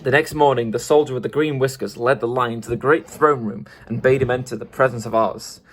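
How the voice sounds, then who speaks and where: A man reading a classic storybook aloud in a steady way, with small restarts. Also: mid-range voice, a little fast, husky. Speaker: audiobook reader.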